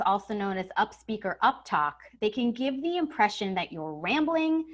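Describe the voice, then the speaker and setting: A woman giving a webinar lesson on using the voice, stressing key words and shifting her pitch and loudness to show each tip. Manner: demonstrative, emphatic, varies pitch and volume to show tips. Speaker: communication trainer. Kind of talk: webinar coaching on voice. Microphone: home setup over video call.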